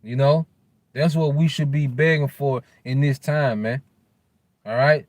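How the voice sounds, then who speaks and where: Male scripture teacher, casual street-slang delivery, says "man" constantly, mid pitch, close and dry. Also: fairly even intonation, no echo. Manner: ends nearly every phrase with "man"; loose street slang, halting while looking up verses. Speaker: religious teacher. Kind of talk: informal scripture lesson.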